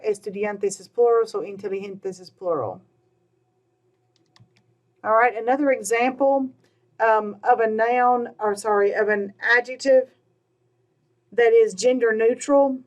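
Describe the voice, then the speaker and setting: A woman, teaching a recorded Spanish grammar lesson, patiently repeating words slowly with "all right" and "um" between points. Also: fairly high pitch.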